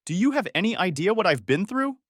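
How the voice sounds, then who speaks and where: A man's voice: high-pitched, big pitch swings, brisk, fairly bright tone, dry recording, clean studio sound, pitched above the performer's own voice, heavily acted. A man voicing a desperate, manipulative young woman who shrieks and pleads tearfully. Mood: shrieking.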